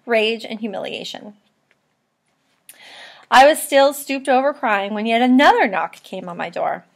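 A woman, a teacher, reading a novel aloud steadily and adding casual explanations in between. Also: on the high side.

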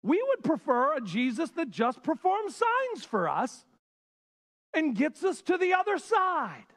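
A male pastor preaching a sermon with passion, swinging between loud bursts and hushed lines. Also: very high voice, huge pitch swings, measured pace.

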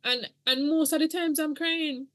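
Earnest woman, fairly high voice. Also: fairly even intonation, normal speed, no echo. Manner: earnest, emotional, church-toned. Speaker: guest sharing her story. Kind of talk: podcast interview testimony.

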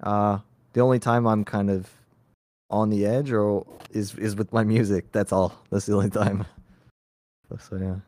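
A man's voice: fairly low pitch, flat delivery, normal speed, dark tone, no room sound, studio quality. A young man from Toronto, a guest rapper on a casual podcast call, easygoing and a little hesitant as he talks. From Canada, Toronto. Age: young adult. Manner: easygoing, laid-back, a bit hesitant.

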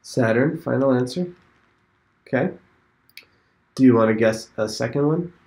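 Male host, casual game chatter, hesitant, mid-pitched. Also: a little slow, darkish tone. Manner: thinking aloud, hesitant. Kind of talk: casual commentary while playing an online game.

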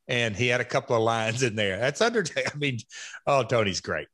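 A middle-aged man who hosts a podcast, recalling old days in an animated, rambling way. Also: medium pitch, a little fast. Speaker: podcast host and former wrestler. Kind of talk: casual podcast chat.

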